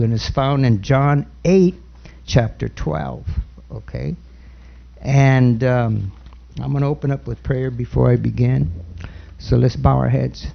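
A man preaching a sermon and leading a spoken prayer, earnest and halting, with many restarts. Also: medium pitch, creaky. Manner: louder and fervent when praying. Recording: dull lo-fi recording.

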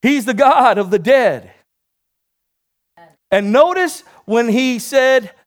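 Animated high-pitched male preacher. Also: slow pace, long pauses. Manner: call-and-response preaching, rising to shouts. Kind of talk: sermon.

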